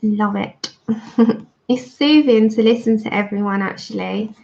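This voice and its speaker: A woman's voice: medium pitch, unhurried, vocal fry, darkish tone. A woman chatting casually to her livestream viewers while she colours, thanking them by name. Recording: dull lo-fi stream audio.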